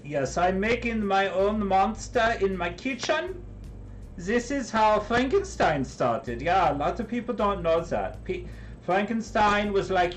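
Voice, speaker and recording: A man's voice: high voice, very animated, unhurried, slight background noise, low-quality recording. A man streaming live from his kitchen while crafting, chatting in a rambling, joking way. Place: home kitchen.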